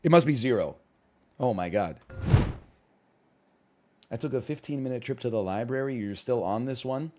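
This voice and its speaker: A man streaming live, chatting casually while he plays a game, rambling and often rising to loud outbursts. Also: medium pitch, expressive, normal speed, pauses often, slight background noise.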